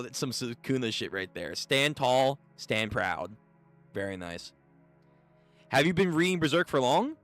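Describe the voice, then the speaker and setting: A man reacting out loud on a live manga readthrough stream, swinging his pitch all over as he talks. His tone is bright and forward, loose and slangy, and soft music hums faintly behind him. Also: a little slow. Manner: animated and slangy, chatting to viewers. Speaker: streamer reading manga aloud. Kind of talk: casual live readthrough commentary.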